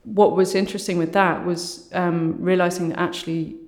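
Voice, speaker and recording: A woman artist with a low voice, speaking thoughtfully as an interview guest and often saying "you know" and "sort of". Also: level tone, normal speed, a little mellow. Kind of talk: reflective conversational interview. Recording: roomy echo.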